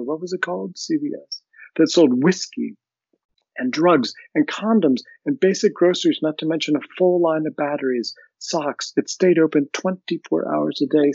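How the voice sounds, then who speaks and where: A man voicing a suave, erudite English businessman who gently reassures a friend, in a dry, slightly muffled recording. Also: fairly high pitch, creaky, no room sound, pitched above the performer's own voice. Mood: amused.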